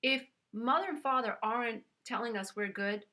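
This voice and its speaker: A woman with a New York accent leads a motivational self-help talk in a bright, forceful voice. Her tone is earnest and emphatic. She pitches a little high and addresses the listener directly. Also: normal speed.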